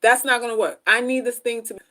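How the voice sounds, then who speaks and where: A fast-talking woman with a steady tone hosts a relaxed livestream about relationships. She speaks to her viewers directly and repetitively, shifting from soft asides to loud, high-pitched outbursts.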